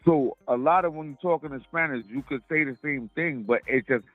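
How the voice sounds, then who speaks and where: A man's voice: a little high, a little fast, dry recording, faint music behind. A man calling into a show, explaining in a laid-back, slangy way with lots of fillers. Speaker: caller. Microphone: phone call. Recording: tinny phone line.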